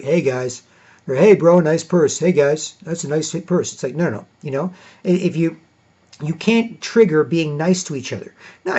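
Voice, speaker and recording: This podcast host's voice is a little high and slightly mellow, with a breathy edge. He rambles through a casual monologue filled with "you know" and "right," captured in a dull lo-fi recording.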